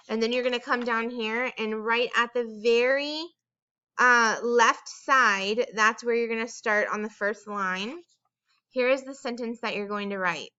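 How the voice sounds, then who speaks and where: A woman teaching young children in a recorded dictation lesson, with a bright, smooth voice. She talks slowly in a sing-song way and draws out each sound of a word. The recording is a little dull and lo-fi. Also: a little high.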